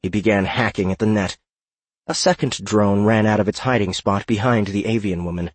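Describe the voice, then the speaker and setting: A man narrating a fantasy audiobook in a steady, measured reading. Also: fairly low pitch, slightly rough, no room sound.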